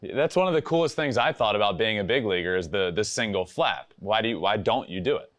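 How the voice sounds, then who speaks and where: A man hosting a casual sports chat show, animated and laughing often, acting out quotes. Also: lowish voice, fairly quick. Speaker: show host.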